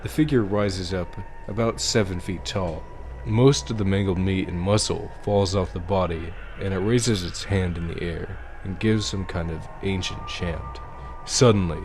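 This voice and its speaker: A man narrating a creepy story in a measured, dramatic storytelling voice. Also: low-pitched, noisy background. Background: background music.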